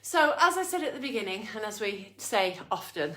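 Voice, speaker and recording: A woman's voice: mid-range voice, sing-song, fairly quick, a bit bright, reverberant. A woman leading an online exercise class, out of breath, upbeat and encouraging as she counts down. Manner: upbeat coaching, counting down and cheering on. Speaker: fitness instructor.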